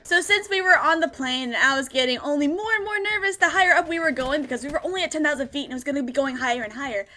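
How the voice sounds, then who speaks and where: Young woman, 20s, from the US, high voice, bright tone, animated storytime vlog. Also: fast, few pauses. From United States. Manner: animated, laughing, acting out her own lines. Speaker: gaming YouTuber.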